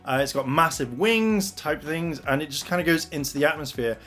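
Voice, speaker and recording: Brief: rather high-voiced male reviewer, chatty and excitable, faint music underneath. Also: a little fast. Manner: excitable, animated retelling with acted-out quotes. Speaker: anime reviewer. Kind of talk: casual spoken review.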